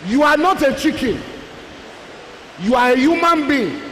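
Male pastor preaching hard, repeats lines, very high voice, big echoey church hall. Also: sing-song, measured pace, a bit bright, slight background noise. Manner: emphatic, repeats key lines, calls on congregation. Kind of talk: preaching sermon. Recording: long reverb of a large hall.

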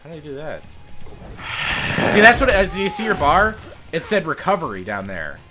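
Excitable young male gaming host, very animated delivery, game music underneath. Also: a little high, brisk. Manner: excitable, shouts and laughs at the game. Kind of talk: casual gaming commentary.

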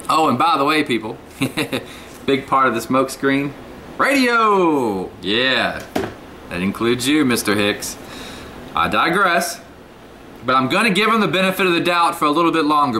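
Bright-voiced man ranting. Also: on the high side, slight background noise. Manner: animated, digressive, addresses viewers as people and cats. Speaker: political video blogger. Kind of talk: rambling to-camera rant. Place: home room with air conditioner running.

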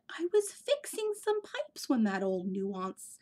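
A woman reading a storybook aloud in an expressive way, often dropping into breathy whispers. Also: mid-range voice, slow pace. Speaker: storybook reader. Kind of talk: read-aloud storybook narration.

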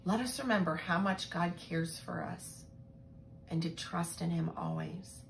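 A woman telling a Bible story to young children in a gentle, expressive way, often asking them questions. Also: lowish voice, a little slow, creaky, slight background noise. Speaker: children's Sabbath school teacher.

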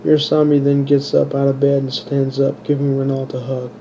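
A man reads his own story in a flat, unvarying voice with a dark, mellow tone. He stumbles and restarts words as he goes. The recording is dull and lo-fi with a faint hiss behind it. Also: mid-range voice, normal speed. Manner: monotone reading with stumbles and restarts. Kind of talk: unpolished audiobook narration.

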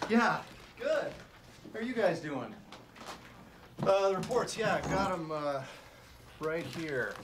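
A man's voice: high voice, expressive, takes it slowly, pauses often, background noise. An actor playing a young male missionary, easygoing and level-headed, in film dialogue. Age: young adult.

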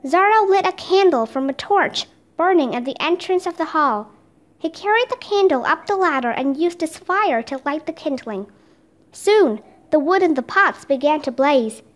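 A woman reading a children's chapter book aloud with steady, expressive narration. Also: high-pitched, moderate pace. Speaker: storybook reader.

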